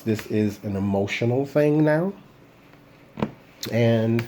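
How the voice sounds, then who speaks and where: A blunt man gives a casual tarot reading, speaking straight at someone who is not in the room. His voice sits on the low side and sounds mellow and relaxed rather than sharp. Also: a little hiss or hum. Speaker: tarot reader.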